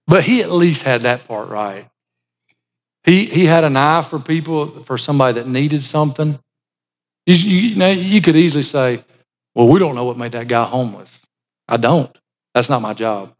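Middle-aged pastor, folksy storyteller with stammered repeats, muffled, echoing big-hall sound. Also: male voice, medium pitch. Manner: folksy, repeats words, acts out family dialogue. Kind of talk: sermon storytelling.

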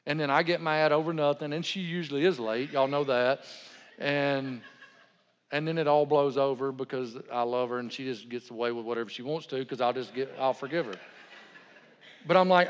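A man's voice: mid-range voice, moderate pace, slight background noise. A middle-aged man preaching a sermon in a church, folksy and conversational with playful asides. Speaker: pastor. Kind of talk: sermon with humorous anecdotes. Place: church sanctuary. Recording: long hall reverb, dull lo-fi sound.

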